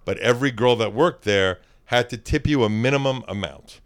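A man's voice: mid-range voice, moderate pace. A man who is a podcast guest in casual chat, telling loose stories about his old job as a club DJ and swearing freely.

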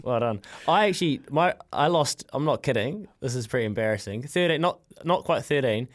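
A man's voice: mid-range voice, animated, a little fast. A man hosting a casual radio chat, joking and self-deprecating. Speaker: radio host.

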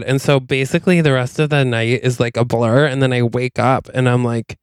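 A man's voice: mid-range voice, level tone, a little fast, hardly any pauses, clear, resonant tone, no room sound, studio quality. A man co-hosting a podcast, improvising a comedic scene in a playful, teasing way. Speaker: podcast co-host.

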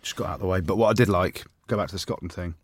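A man co-hosting a rugby podcast, telling stories in quick, laughing banter. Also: low-pitched, dry recording. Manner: fast, laughing storyteller. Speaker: podcast co-host, former rugby player. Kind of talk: casual banter.

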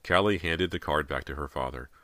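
A man reading a horror novel aloud in a measured, steady voice, close to the mic. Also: a bass voice, no room sound. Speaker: audiobook narrator. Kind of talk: scripted horror narration.

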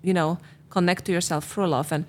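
A woman's voice: lowish voice, fairly even intonation, brisk. A middle-aged woman, a relationship coach and guest, speaking earnestly and reflectively in long flowing thoughts. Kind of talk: reflective personal conversation.

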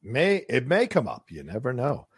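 Husky man chatting animatedly, dry sound. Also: medium pitch, no echo. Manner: animated, quick agreeing interjections. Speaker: podcast co-host. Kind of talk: casual movie chat.

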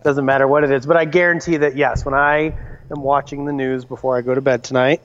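A man's voice: medium pitch, flat delivery, fast, background noise. Wry, chatty podcast co-host, man in his late 30s, slightly dull lo-fi mic. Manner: dry, wry humor, chatty. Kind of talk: casual chat.

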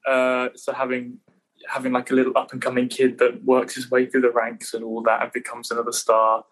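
English guy in his 20s, chill, kinda halting, repeats himself, mid pitch. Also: rough recording. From England. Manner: relaxed, hesitant, repeats words. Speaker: guest, conservatoire pianist. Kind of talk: casual interview chat.

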